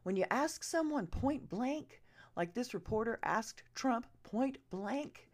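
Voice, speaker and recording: Fired-up woman ranting with animated pitch. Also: measured pace. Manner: profane, urgent, drops to hushed whispers. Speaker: vlogger. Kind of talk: impassioned direct-to-camera rant.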